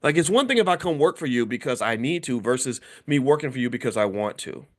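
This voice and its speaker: A man talking to camera as host of his own show, animated, often restarting and repeating words as he goes, and breaking into quoted voices. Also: fast. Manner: animated, acts out quoted voices with sudden high pitch jumps. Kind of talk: talk to camera.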